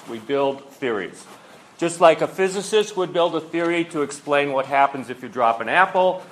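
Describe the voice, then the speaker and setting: A male university lecturer talks through an introductory economics class in a loose, conversational way, often pausing on fillers and asking the room rhetorical questions. His pitch sits in an ordinary middle range. Faint noise hangs under the recording. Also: low-quality recording.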